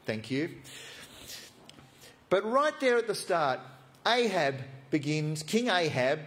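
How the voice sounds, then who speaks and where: A man preaching with a voice pitched a bit high that leaps and dips all the time. He tells the story in a jokey, animated way, acting out scenes as he goes. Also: slow. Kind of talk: expository sermon.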